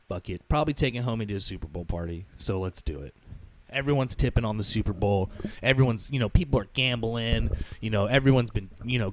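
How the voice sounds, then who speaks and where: A man hosting a podcast who tells a story in a sarcastic, profane rant. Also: medium pitch. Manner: animated, sarcastic, swears often. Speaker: podcast host.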